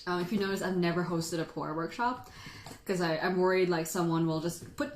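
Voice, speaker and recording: A woman's voice: on the low side, steady tone, fairly quick, slight background noise. A woman hosting a casual livestream who chats in a rambling way and laughs often. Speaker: tea livestream host. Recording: roomy echo.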